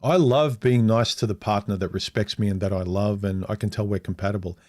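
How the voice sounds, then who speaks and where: A man's voice: fairly low pitch, fairly even intonation, a little fast, a little mellow. Frank middle-aged man rambling a story. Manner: rambling, frank, restarts often and acts out quoted speech. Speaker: vlogger. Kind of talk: casual livestream storytelling.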